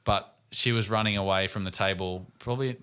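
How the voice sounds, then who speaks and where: A man's voice: lowish voice, steady tone, a little fast, a bit bright, smooth. An Australian man in his thirties chatting on a podcast, making dry jokes and telling stories about his children. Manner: dry, wry jokes and asides. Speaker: podcast co-host. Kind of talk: casual chat.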